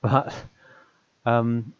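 A man's voice: medium pitch, flat delivery, very slow, smooth, no room sound, narrow, tinny audio. A man co-hosting a casual chat, musing aloud and stopping to correct himself. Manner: musing, self-interrupting, laughs often. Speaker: podcast co-host.

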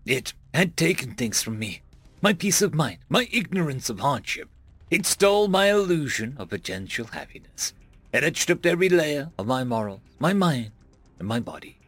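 A man narrating a web serial in first person, dramatic and expressive, dropping to a hush at pauses. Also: mid-range voice, slightly rough, no echo. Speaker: audiobook narrator.

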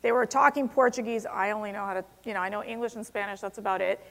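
In a large convention hall with long reverb, a woman gives a passionate speech to a conference audience. Her voice is medium-pitched, fast and a bit bright, and she leans hard on words, rising to strong, emphatic stresses.

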